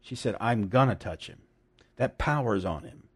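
A man preaching a sermon, animated and emphatic, with laughing asides and dramatic emphasis. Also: lowish voice, moderate pace, slightly rough.

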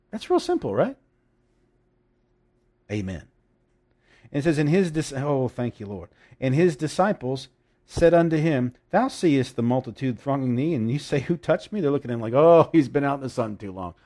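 A man preaching a sermon, animated and emphatic, with laughing asides and dramatic emphasis. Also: mid-range voice.

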